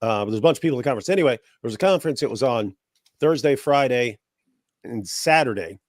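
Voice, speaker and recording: A man from the United States who has a cold talks in a loose, sarcastic chat, mocking as he goes. His voice sits at an ordinary middle pitch and the sound is dry and close, with no room around it. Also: animated, fast talker, no echo. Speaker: guest. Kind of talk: casual chat.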